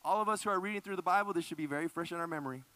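A man preaching a sermon, emphatic and repeating phrases for effect, often dropping low and soft. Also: racing. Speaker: pastor.

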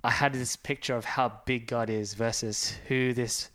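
A man's voice: mid-range voice, fairly even intonation, normal speed, a bit bright. A young man, a church minister, sharing an earnest personal testimony and reading scripture aloud with growing force. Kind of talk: personal testimony in a faith conversation.

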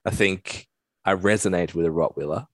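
A man's voice: low voice, moderate pace, dry recording. A man chatting candidly on a podcast, poking fun at himself. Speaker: podcast co-host. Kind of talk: casual chat.

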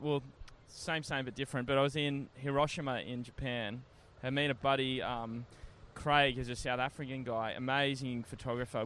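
A man in a relaxed conversation, chatty and laid-back, telling a travel story with slang. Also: mid-range voice, a little hiss or hum. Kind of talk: casual storytelling chat.

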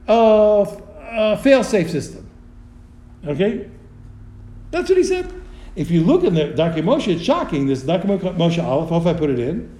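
A middle-aged man teaching a text study lesson, thinking aloud with many restarts and animated asides. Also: high-pitched, roomy sound. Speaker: Torah teacher.

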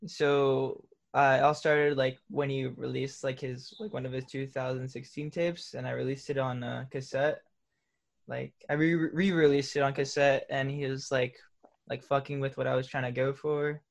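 Male interviewee, easygoing and chatty, gravelly low-end fry. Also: flat delivery, normal speed. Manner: laid-back, laughs often, many fillers. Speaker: interviewed musician. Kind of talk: casual interview answers.

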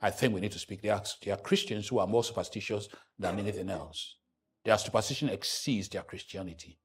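A male pastor preaching a sermon in church, joking with the congregation and breaking into sudden loud rises. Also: on the low side, slightly rough.

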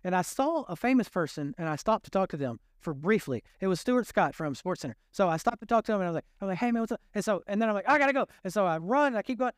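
A man's voice: high voice, fast talker, hardly any pauses, no echo, studio quality. A man preaching a sermon in a humorous, self-deprecating storytelling way, acting out conversations. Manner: animated, shifting pace.

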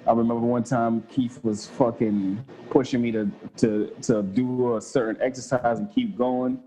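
A man in his thirties chatting casually with a friend about fatherhood, in relaxed slang with frequent swearing. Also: mid-range voice, moderate pace, slight background noise, rough recording. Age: 30s. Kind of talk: casual chat.

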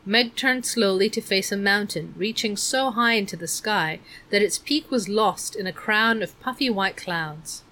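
Casting note: woman audiobook narrator, mid pitch, measured expressive reading.

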